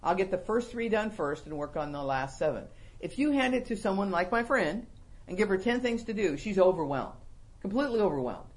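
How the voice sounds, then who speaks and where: A woman's voice: mid-range voice, brisk. A woman hosting a Christian talk show, chatting animatedly and often poking fun at herself. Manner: animated, self-mocking, laughs often. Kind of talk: casual faith-based talk show chat.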